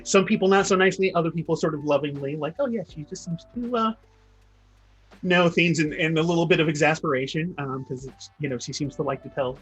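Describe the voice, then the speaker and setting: A man with a slightly raised pitch runs a tabletop game, feeling his way through the scene with frequent ums and restarts. Soft music plays faintly beneath his voice. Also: husky, poor audio. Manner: halting, many fillers and restarts. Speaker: game master.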